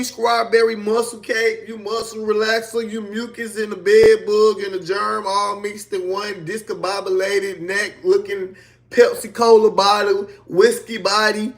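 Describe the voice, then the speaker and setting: A man's voice: high voice, fairly bright tone. A man on a casual livestream, trash-talking a rival with mocking, sing-song insults.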